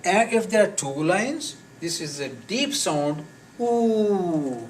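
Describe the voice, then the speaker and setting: Male teacher, slow deliberate delivery, repeats sounds, distant mic, faint background hiss. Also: high-pitched, very animated. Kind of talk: classroom lesson on pronunciation. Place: classroom.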